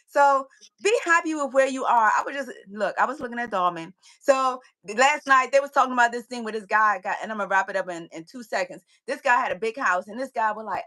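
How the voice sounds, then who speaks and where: A woman who runs a fitness business, a guest telling a story, preaching a lesson and repeating her key phrases with lively energy. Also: on the high side, fast talker, low-quality recording. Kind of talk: motivational storytelling chat.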